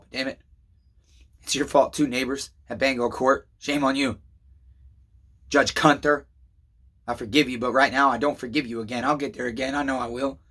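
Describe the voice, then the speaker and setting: A middle-aged man hosting a chainsaw vlog, swinging between loud emotional outbursts and low weary confession, swearing constantly and calling viewers neighbors. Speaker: chainsaw channel host. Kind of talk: emotional rambling vlog monologue.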